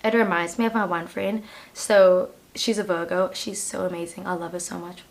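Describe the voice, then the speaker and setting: A woman's voice: on the low side, steady tone, moderate pace, creaky, slight background noise. A woman with a South African accent giving a casual pick-a-card tarot reading, talking in a chatty, rambling way and leaning on "like". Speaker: tarot reader.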